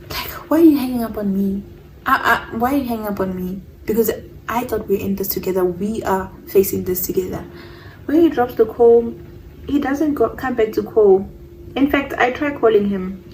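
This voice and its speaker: A woman's voice: mid-range voice, mellow, distant mic, rough recording. Young woman rambling thru a story, stumbles on words, faint background hum. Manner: rambling, repeats herself, stumbles over words. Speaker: vlogger telling a personal story. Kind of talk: casual storytime. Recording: voice a bit off-mic.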